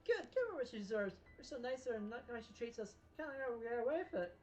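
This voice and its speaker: A woman's voice: fairly high pitch, big pitch swings, fast talker, a little mellow, a little hiss or hum, voice pushed up. Lady reading a snippy scolding grocer woman, dismissive. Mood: vengeful. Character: sharp-tongued middle-aged woman grocer, scornful.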